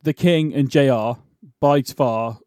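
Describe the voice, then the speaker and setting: A man's voice: medium pitch, slow pace, darkish tone, dry recording, studio quality. A man co-hosting a casual wrestling podcast, rambling and restarting as he talks. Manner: rambling, restarts and laughs a lot. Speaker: podcast co-host. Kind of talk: casual chat.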